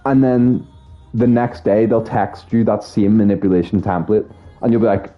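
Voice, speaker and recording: Young man streaming, low-voiced, foul-mouthed and rambling, on a dull-sounding mic with faint music under him. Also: normal speed. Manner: profane, rambling, animated storytelling. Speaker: streamer talking to chat. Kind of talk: casual rambling chat.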